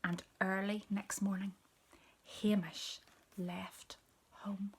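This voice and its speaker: Slow, husky woman reading a picture book. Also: medium pitch, flat delivery. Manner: soft, often whispered storytelling; points out pictures to listeners. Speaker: storybook reader. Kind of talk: picture-book read-aloud.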